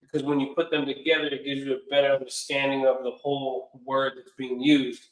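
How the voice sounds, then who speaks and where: A man's voice: mid-range voice, little pitch movement, fairly quick. A man giving a classroom lecture in an earnest, repetitive way. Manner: earnest lecturing, repeats himself. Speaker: teacher. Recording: echoey room.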